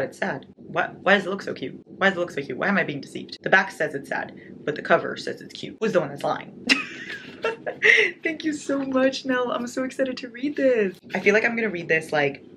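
Young woman book vlogger, gushing and excitable, slightly low voice, audible background noise. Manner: gushing, excitable, reads notes aloud. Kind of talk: casual unboxing chat. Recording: noisy home recording.

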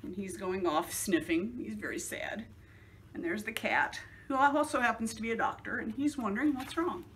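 A woman's voice: on the high side, normal speed, a bit bright, a little hiss or hum. A woman, a children's librarian, reading a picture book aloud for storytime.

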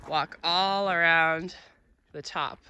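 A woman's voice: on the low side, fairly even intonation, takes it slowly, pushed and bright, muffled recording. Chatty laughing woman, windy outdoor recording. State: a little out of breath. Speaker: vlog host. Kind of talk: casual chat while hiking. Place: outdoors on a windy volcano crater. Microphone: handheld camera. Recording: noisy outdoor wind.

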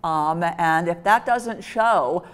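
A woman speaking as a law professor on a conference panel, measured and dry. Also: lowish voice, clean tone. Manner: measured, dry, with small laughs. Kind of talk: panel discussion answer. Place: conference hall.

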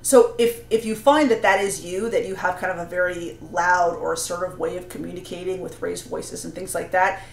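A woman's voice: fairly low pitch, fairly even intonation, a little fast, gravelly, hardly any pauses. A woman giving parenting advice to camera, explaining earnestly with many "you know"s and "right?"s. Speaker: parenting coach and astrologer. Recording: roomy echo.

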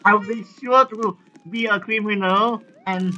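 Guy doing live game commentary, excitable, yells a lot, slow-ish talker. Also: high-pitched, highs cut off. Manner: excitable, often shouting. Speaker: gaming channel host.

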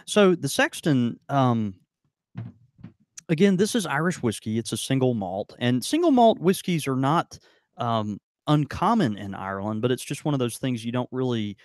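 A man with a sing-song, medium-pitched voice co-hosts a Mississippi podcast at normal speed. His casual tasting chat rambles, full of fillers and restarts. The recording is dry and studio quality.

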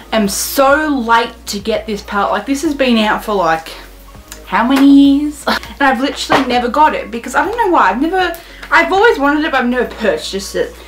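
A teenage girl gushing excitedly through a casual beauty haul vlog, saying "literally" constantly. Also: sits high. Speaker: beauty vlogger.

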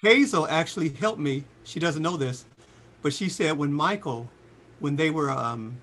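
Bright lively guy in his 60s, kinda high voice, swaps into squeaky voices when he quotes people. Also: measured pace, a little hiss or hum. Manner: animated storyteller, jumps into high voices for quotes. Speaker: singer and guest. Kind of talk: casual storytelling interview.

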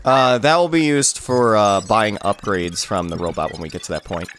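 A man giving excited, rambling commentary while playing a survival game with friends. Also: on the low side, moderate pace, slight background noise. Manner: rambling, jumpy, shrieks and laughs when attacked. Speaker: gaming channel host.

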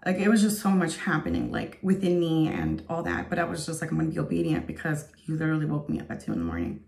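A woman's voice: low-pitched, very animated, fast talker, vocal fry, darkish tone. A woman in her thirties giving an earnest, emotional spoken testimony as a vlogger, rambling with lots of fillers. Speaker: faith vlogger.

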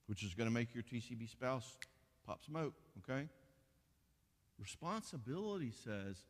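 A man's voice: mid-range voice, a little slow. Man preaching in a reverberant hall. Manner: folksy, animated, acts out quoted spouses. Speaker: pastor leading a marriage conference. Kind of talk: conference sermon. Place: church auditorium.

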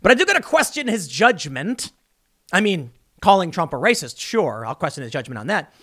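A man hosting a political commentary vlog, talking casually with animated sarcasm. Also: high voice, brisk. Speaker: host.

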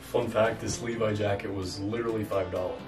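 A man's voice: fairly low pitch, fairly even intonation, fairly quick. Chatty young man vlogging over music. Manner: chatty and rambling, self-mocking asides. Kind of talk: casual chat to camera. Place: at home indoors while packing. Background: background music.

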